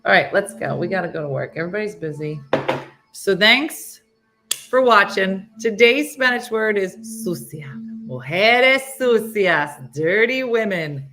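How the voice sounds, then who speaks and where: A woman's voice: mid-range voice, expressive, unhurried, pushed and bright, soft background music. A middle-aged woman hosting a casual morning show, playful and laughing as she stumbles over foreign words. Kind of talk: casual live-stream chat.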